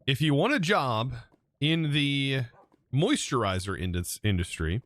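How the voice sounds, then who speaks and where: Chatty and relaxed, this man talks to his chat while playing a modded block-building game on stream, sometimes muttering lists under his breath. His medium-pitched voice is expressive, a little slow, and fairly bright, with no echo.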